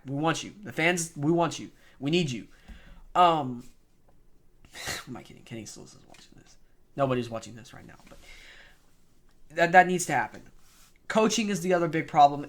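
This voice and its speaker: A young man with a fairly high-pitched voice delivers an unscripted sports rant. He talks in an opinionated, heated way, stacking up complaints and bold claims. It sounds like a casual fan vlog, not a polished broadcast. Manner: opinionated, animated, ranting.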